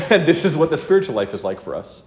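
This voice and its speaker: This man talks fast in a high-leaning voice with big swings in pitch as he teaches a class on spiritual life. The religious lesson comes across earnest and conversational, with asides and corrections of himself, captured in a roomy, dull lo-fi room.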